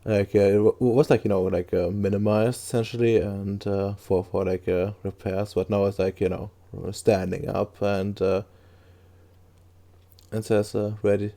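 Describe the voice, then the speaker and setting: A man narrating a tabletop game as game master, rambling through his descriptions with many fillers. His voice is low and mellow. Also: fairly even intonation, unhurried.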